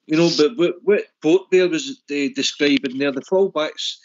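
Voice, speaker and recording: A man's voice: on the high side, moderate pace, lo-fi sound, slight background noise. A man calling in to a football phone-in, friendly and laughing along with the others. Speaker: caller. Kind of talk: casual football phone-in chat.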